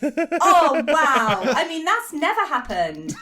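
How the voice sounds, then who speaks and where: Young woman podcast guest, bright high voice, chatty and self-deprecating, laughs a lot. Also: sing-song, slow pace, slight background noise. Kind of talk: casual chat.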